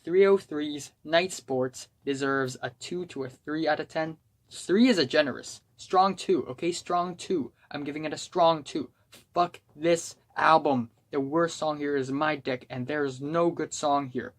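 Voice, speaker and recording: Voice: medium pitch, a little slow. Blunt, exasperated young album reviewer. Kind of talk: casual spoken album review.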